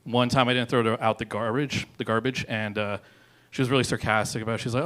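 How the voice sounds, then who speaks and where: A man's voice: medium pitch, fairly even intonation, fast talker, a bit bright. A young man doing a stand-up set, rambling and swearing, laughing at his own jokes. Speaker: comedian.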